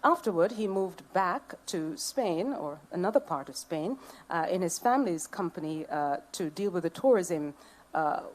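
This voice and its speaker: A woman's voice: on the low side, darkish tone. Playful Jamaican woman emceeing a ceremony. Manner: playful, banters with the audience. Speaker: master of ceremonies. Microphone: podium microphone.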